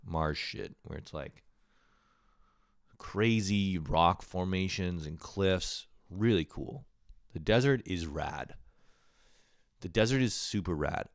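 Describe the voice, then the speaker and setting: A podcast host with a sore throat tells a rambling, profane, self-mocking story in a casual comedic monologue on his own show. His voice is deep, and the recording is dry and studio quality.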